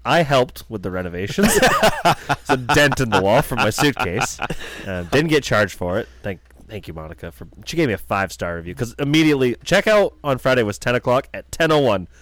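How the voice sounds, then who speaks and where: A man's voice: medium pitch, expressive, fairly quick, fairly bright tone. A young man chatting casually on a podcast with sarcastic, joking asides. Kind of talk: casual chat.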